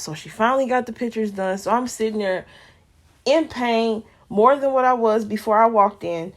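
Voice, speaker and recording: A woman's voice: on the high side, moderate pace. A woman vlogger giving an emotional personal testimony in candid, casual slang.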